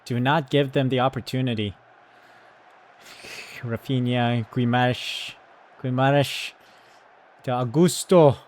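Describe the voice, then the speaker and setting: Excitable man calling a football sim. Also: mid-range voice, slow, long pauses, a little hiss or hum. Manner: excitable, shouts at the team, then calm tactical talk. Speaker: gaming YouTuber. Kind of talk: live commentary on a football management game.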